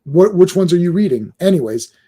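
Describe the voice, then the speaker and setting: A man on a casual podcast, talking in a warm, mellow tone with a fairly high pitch. He is animated and rambling, and he slips into mocking voices to act out other people's complaints. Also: brisk, slightly rough. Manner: animated, mimics fans in mocking quoted voices. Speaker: podcast co-host. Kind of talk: casual chat.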